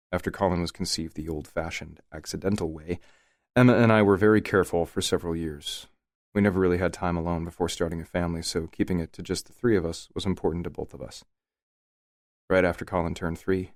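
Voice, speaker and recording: A man narrating a first-person romance audiobook in a relaxed, wry manner. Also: sits low, no echo, clean studio sound.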